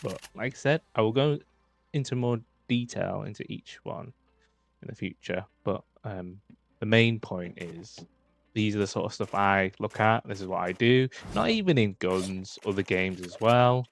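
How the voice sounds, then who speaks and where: A man's voice: on the low side, animated, normal speed, gravelly. A man giving casual, chatty tips while talking over his own gameplay footage, full of fillers.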